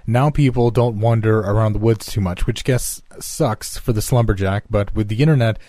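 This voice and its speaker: A defensive, earnest young man tells a creepy legend and snaps when mocked, as a male narrator voices him. His voice stays low and mellow. The sound is dry, from a horror story reading. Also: moderate pace, no room sound, close to an everyday voice.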